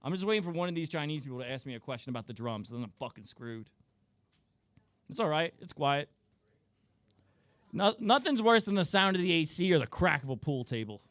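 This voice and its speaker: A man's voice: on the high side, very animated, brisk, pauses often, a bit bright, no room sound. A young man doing a rambling, crude, self-deprecating stand-up roast set. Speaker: stand-up comedian.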